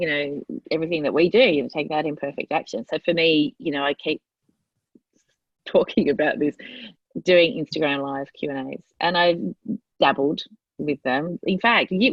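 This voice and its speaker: Aussie woman chatting on a podcast, really low voice, dry dull lo-fi sound, lots of "you know"s. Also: lively intonation, moderate pace, husky, no echo. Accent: Australian. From Australia. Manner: thinks aloud, agreeable, with frequent fillers. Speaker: podcast co-host. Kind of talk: casual podcast chat.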